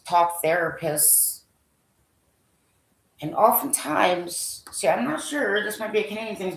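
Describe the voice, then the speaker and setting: Female vlogger, low and gravelly, lively rambling delivery, whispers while reading lists; echoey room. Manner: thinking aloud, rambling, trailing off with frequent fillers. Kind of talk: casual commentary while browsing a website.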